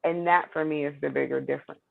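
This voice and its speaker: Woman, program member, earnest and emphatic. Gravelly voice, on a dry, phone-like line. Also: low-pitched, fairly even intonation, fast talker, no echo. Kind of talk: casual group video call chat.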